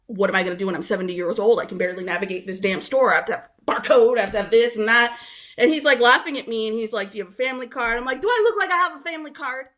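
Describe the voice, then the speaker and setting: A woman on a call-in roast show, telling exasperated stories in a lively, animated way. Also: medium pitch. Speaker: caller. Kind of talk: casual chat on a call-in roast.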